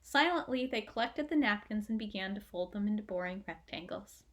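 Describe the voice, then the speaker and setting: A woman narrating a children's book aloud in a gentle, expressive way. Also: medium pitch, brisk. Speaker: audiobook reader. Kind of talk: storybook narration.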